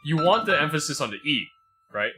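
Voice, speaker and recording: A man's voice: fairly high pitch, sing-song, brisk. A man teaching piano on a livestream, patiently explaining as he demonstrates and often checking with "right?". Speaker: piano teacher reviewing a student. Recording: piano music playing behind.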